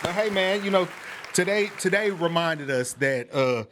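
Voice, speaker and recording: A man's voice: high voice, animated, normal speed, fairly bright tone, some chatter behind, slight background noise. An American man hosting a podcast conversation, talking loosely with many restarts and laughs. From United States. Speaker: podcast host. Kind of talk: casual conversational interview.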